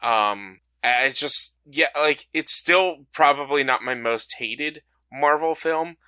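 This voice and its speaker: A man's voice: medium pitch, takes it slowly, sharp tone, smooth, dry recording. A young man co-hosting a podcast in casual chat, blunt and swearing freely. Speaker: podcast co-host.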